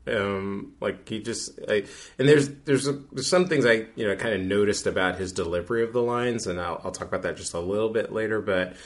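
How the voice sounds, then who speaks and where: A man's voice: fairly low pitch, fairly quick. A man co-hosting a podcast, recapping an episode in a rambling, casual way with many fillers and restarts. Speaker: podcast co-host.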